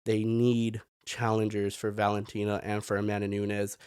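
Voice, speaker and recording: A man's voice: lowish voice, monotone, moderate pace, darkish tone, smooth, no echo, studio quality. A man hosting a podcast, giving casual, opinionated sports commentary that rambles and keeps throwing in "man". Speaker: podcast host.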